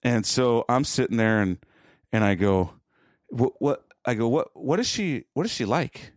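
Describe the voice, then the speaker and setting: A middle-aged man co-hosting a podcast, blunt and crude, telling animated stories in casual chat. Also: mid-range voice, normal speed, no echo, clean studio sound. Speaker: podcast co-host.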